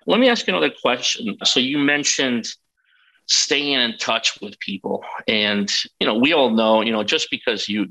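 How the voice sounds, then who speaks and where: A man hosts an interview and leads his guest with long, well-framed questions. His voice sits fairly low but has a bright, forward edge. He sounds encouraging and attentive. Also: low-quality recording. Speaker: interview host. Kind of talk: interview conversation.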